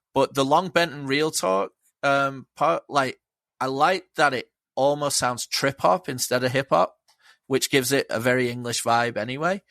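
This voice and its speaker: A man's voice: mid-range voice, sharp tone, no echo. A man chatting as a podcast guest, enthusiastic and rambling, swearing freely. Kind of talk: casual chat.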